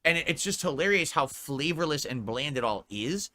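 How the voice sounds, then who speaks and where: A man's voice: on the high side, expressive, normal speed, pushed and bright. A man ranting on a live stream, reading chat comments aloud and answering them in a profane, exasperated way. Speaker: livestreamer.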